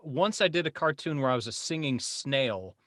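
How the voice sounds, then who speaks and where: A man in his forties, a voice actor guest chatting casually on a podcast, animated and laughing often. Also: medium pitch, moderate pace.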